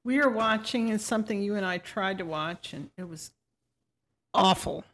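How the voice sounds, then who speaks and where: A woman's voice: mid-range voice, moderate pace, fairly bright tone. A woman, co-hosting a casual talk show, teasing her partner with wry asides. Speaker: podcast co-host. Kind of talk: casual chat.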